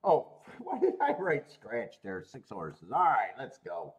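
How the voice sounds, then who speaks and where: A man hosts a casual horse racing livestream at an ordinary middle pitch. He talks bets through out loud, breaking into loud laughter at his own jokes and then going back to working out the odds. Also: wildly swooping pitch, takes it slowly, husky, highs cut off. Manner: loud bursts when amused. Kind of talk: casual livestream handicapping commentary.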